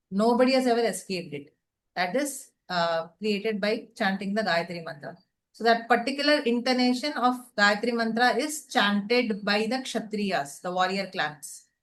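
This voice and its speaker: A woman's voice: mid-range voice, fairly bright tone, poor audio. A woman teaching a class, explaining step by step and asking and answering her own questions.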